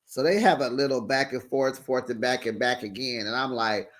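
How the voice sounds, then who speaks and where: A man hosting a casual recap show, sassy and animated, often laughing and acting out what people said. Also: mid-range voice, normal speed.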